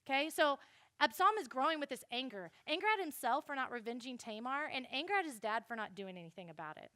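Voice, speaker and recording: A young woman giving a classroom Bible lesson, animated and speaking straight to her listeners. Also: high voice, fast, dry recording, studio quality. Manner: animated, addresses listeners directly.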